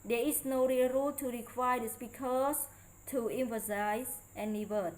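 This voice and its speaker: A woman's voice: fairly high pitch, fairly even intonation, poor audio. Woman reading a presentation aloud carefully. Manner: careful, halting read-aloud delivery with non-native grammar. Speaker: student presenter. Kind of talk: read presentation lecture.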